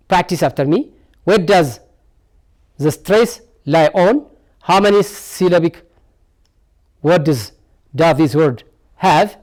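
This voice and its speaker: A man's voice: high-pitched, very animated, unhurried. A male English teacher with an Ethiopian accent giving a broadcast lesson, repeating words and answering his own questions. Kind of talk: televised classroom lesson.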